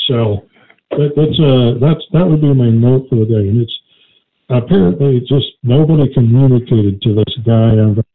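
A man co-hosting a call-in radio show, chatting casually and telling a rambling joke with many halting restarts. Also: medium pitch, warm tone. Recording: tinny phone-like line.

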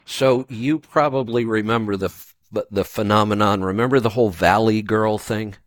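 A man hosting a radio show in casual chat, opinionated and talking quickly with many restarts. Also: on the low side, dry recording. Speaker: radio host.

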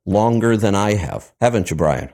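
A man's voice: on the low side, animated, moderate pace, a little mellow. A man hosting a call-in radio show, chatting casually and telling stories with mimicked voices.

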